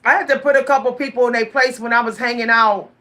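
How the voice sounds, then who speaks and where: Animated woman in her forties vlogging. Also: on the high side, fast talker. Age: 40s. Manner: animated, repeats words, laughs often. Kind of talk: casual storytelling to viewers.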